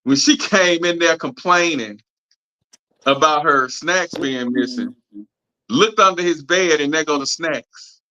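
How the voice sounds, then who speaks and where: A middle-aged man hosting a podcast, telling a family story in a drawling, animated way and acting out quoted voices. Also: fairly high pitch, a little slow, low-quality recording. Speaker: podcast host. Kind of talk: casual storytelling chat.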